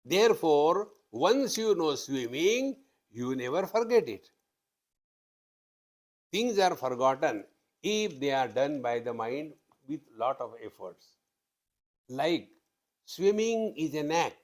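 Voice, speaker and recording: A man leads a spiritual talk with a slightly raised pitch. He tells his stories bluntly and with emphasis, and he speaks straight to his listeners as friends. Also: big pitch swings, slow, pauses often. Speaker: spiritual teacher. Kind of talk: spiritual discourse to an audience.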